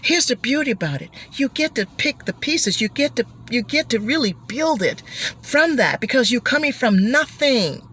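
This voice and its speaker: A woman delivering a motivational talk with a bright, forward tone. She speaks in an animated, expressive way, breaking into acted-out gasps, whoops and shouts. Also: on the high side, moderate pace, a little hiss or hum.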